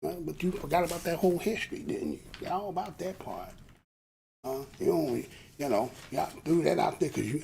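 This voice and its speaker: A man's voice: fairly high pitch, a little fast, gravelly, warm tone, slight background noise. A man giving casual, preachy commentary to his viewers, often asking them rhetorical questions. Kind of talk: casual talk to camera.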